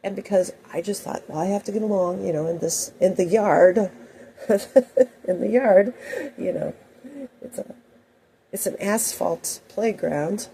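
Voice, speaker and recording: A woman's voice: mid-range voice, measured pace, vocal fry, long pauses, dark tone, slight background noise, low-quality recording. A woman telling personal stories in a rambling, anecdotal monologue full of asides. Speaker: host.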